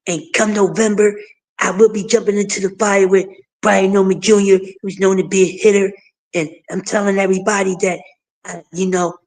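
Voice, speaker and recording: A man impersonating a soft-spoken, monotone young male boxer who brags, with a whispery, slightly tongue-tied voice. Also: sits high. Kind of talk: comic impression on a livestream.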